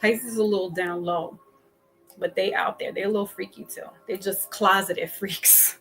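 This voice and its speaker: Woman tarot reader, chatty, mid pitch, casual delivery, faint music behind. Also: normal speed, gravelly, rough recording. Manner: chatty, frequent restarts and fillers.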